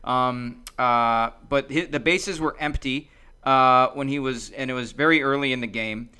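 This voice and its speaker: A man's voice: mid-range voice, a little slow, sharp tone, smooth. A man co-hosting a podcast in casual chat, hesitant with frequent "um" and "uh" fillers. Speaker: podcast co-host.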